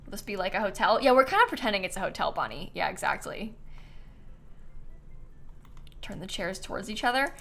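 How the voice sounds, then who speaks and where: A woman's voice: mid-range voice, very animated, a little fast, vocal fry, long pauses, sharp tone. A young woman streaming a game, thinking aloud in casual chat, hesitant and full of ums.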